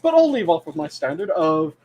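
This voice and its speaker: A high-voiced man hosts a casual podcast, with dry, sardonic and wordy delivery. A faint hiss sits under the recording. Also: sing-song, fairly quick, darkish tone, poor audio. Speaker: show host.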